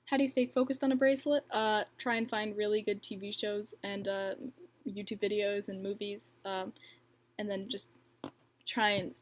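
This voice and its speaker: A young woman who makes bracelets hosts a casual livestream, reading out viewer questions and answering chattily with lots of fillers and frequent laughter. Her voice is medium-pitched, her delivery flat, at a normal speed.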